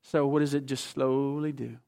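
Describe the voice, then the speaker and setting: A man preaching a sermon as pastor, emphatic, swinging between hushed, slow passages and forceful ones. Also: medium pitch, level tone.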